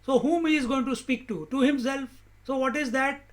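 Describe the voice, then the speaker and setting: A man giving a spiritual discourse as a teacher, asking rhetorical questions in a measured, emphatic way. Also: very high-pitched.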